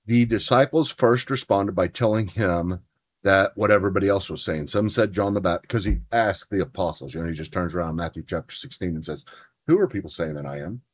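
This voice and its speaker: A podcast host whose voice sits low speaks fairly quickly in a relaxed theology conversation with his spouse. He's earnest, reads partly from notes, and builds up to emphatic points.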